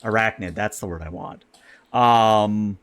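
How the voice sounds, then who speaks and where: A man's voice: lowish voice, a little slow, fairly bright tone, smooth. A man running a tabletop role-playing game as game master, calling rolls and stumbling over words.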